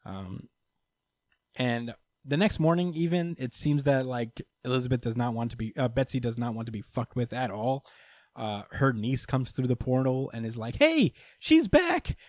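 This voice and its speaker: A man's voice: medium pitch, moderate pace, a little mellow, dry recording. A man hosting a podcast, recapping comic books in a loose, chatty way, swearing freely and laughing between lines. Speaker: podcast host. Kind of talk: casual comic book recap.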